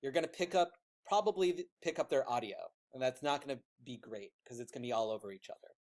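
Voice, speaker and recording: A man teaching a class how to use software, talking in a loud teacher voice, chatty and informal with plenty of asides. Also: medium pitch, expressive, fast talker.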